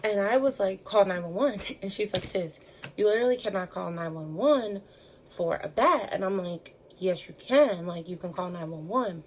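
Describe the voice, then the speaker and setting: A woman's voice: medium pitch, animated, moderate pace, a little hiss or hum, rough recording. A young woman telling a story in a chatty vlog, with lots of fillers, voicing the people she quotes. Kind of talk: casual storytime chat.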